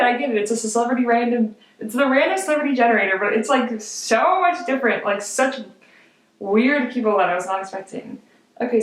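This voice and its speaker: A young woman in her twenties, chatting casually and self-deprecatingly through a commentary vlog, with lots of "like" and frequent giggles. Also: on the high side. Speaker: video essayist. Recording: echoey room.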